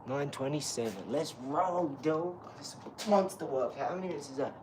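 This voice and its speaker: A man talks casually on a live stream while he works out at boxing, rambling from one thought to the next and swearing freely. He sounds distant from the mic in an echoey room, with loud noise behind him. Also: on the high side, a little fast. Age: 40s. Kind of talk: casual chat during a boxing workout. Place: home workout room.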